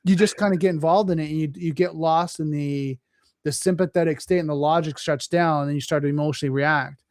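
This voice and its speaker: A man with a slightly high voice, talking fast and animated as a podcast host, slipping into the voices of the people in his stories. The sound is dry and close, with little room around it. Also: no echo. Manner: fast, animated storytelling, acts out quoted people. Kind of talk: casual chat.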